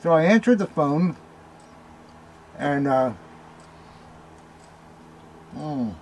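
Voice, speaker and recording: An older man hosting a show, telling a story slowly in a rambling, casual way with many ums and uhs while smoking a cigar. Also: on the high side, animated, darkish tone, a little hiss or hum. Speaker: host.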